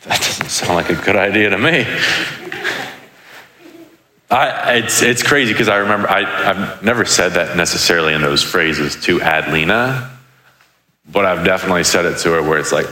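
A man's voice: deep voice, moderate pace, sharp tone, echoey room, in a large hall. A man in his twenties preaching casually, joking as he tells stories from his life as a father. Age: 20s. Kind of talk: sermon with personal stories.

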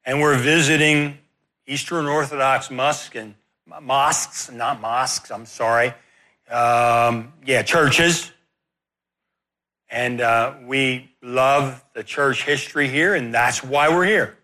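A man preaching in a sermon, telling a story in an animated, self-deprecating way. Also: mid-range voice, slow pace.

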